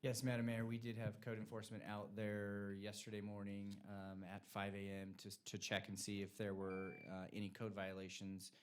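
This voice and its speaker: A male city manager giving a formal, measured report to a council meeting. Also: lowish voice, monotone, a little hiss or hum. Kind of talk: official report.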